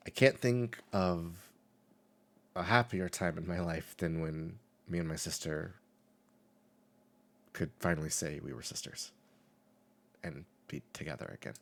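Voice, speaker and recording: A man's voice: deep voice, a little slow, pauses often, fairly bright tone. A man narrating as game master in a casual, laugh-filled way.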